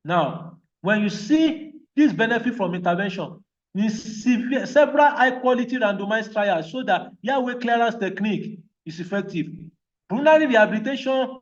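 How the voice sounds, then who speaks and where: A man's voice: high-pitched, distant mic, highs cut off. A man teaching a physiotherapy training class, emphatic and repeatedly checking that the class is following. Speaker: physiotherapy lecturer. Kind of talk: online training lecture.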